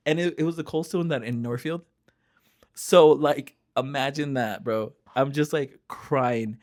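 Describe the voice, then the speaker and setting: A man hosting a casual podcast chat, telling stories in an animated, slangy way. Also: a little high, moderate pace.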